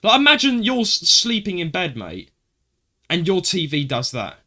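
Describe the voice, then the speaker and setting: A man co-hosting a casual podcast, telling a story in an animated way and calling his friend "mate.". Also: sits high, moderate pace. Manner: animated storytelling, swearing, says "mate" a lot. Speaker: podcast co-host. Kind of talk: casual chat.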